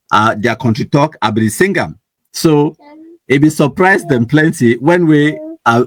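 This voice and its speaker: Laughing Cameroonian Pidgin-speaking host. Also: male voice, medium pitch, darkish tone, dry recording. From Anglophone Cameroon. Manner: laughs often, switches between Pidgin and English. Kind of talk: casual commentary reading viewer comments.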